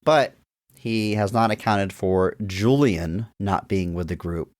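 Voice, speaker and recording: A man co-hosting a movie podcast, talking in a relaxed, agreeable way with chuckling asides. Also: low-pitched, takes it slowly, no room sound, clean studio sound. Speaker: podcast co-host. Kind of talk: casual movie review chat.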